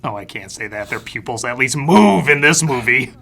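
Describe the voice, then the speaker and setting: A man's voice: medium pitch, expressive, moderate pace, vocal fry, pushed and bright. A man giving a scripted comedic film review with a sarcastic, wry delivery. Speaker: film critic.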